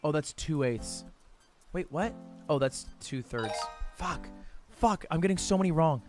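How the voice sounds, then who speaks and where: Young man, streamer, frustrated outbursts, mutters counts, fairly high voice, lively. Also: faint music behind. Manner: frustrated outbursts, reads questions aloud fast, counts under his breath. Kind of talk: live-stream commentary while solving math problems.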